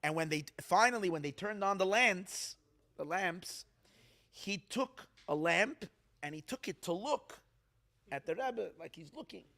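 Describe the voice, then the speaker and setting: A man's voice: sits high, lively intonation, measured pace, vocal fry, sharp tone. A man, a rabbi, telling a dramatic story at an evening gathering, acting out the quotes and repeating words to build suspense. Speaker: rabbi telling stories of tzadikim.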